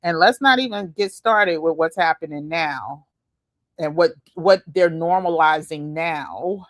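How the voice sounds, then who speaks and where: A woman's voice: deep voice, unhurried. A woman host giving casual, chatty commentary with slangy asides and laughs as she reacts to videos.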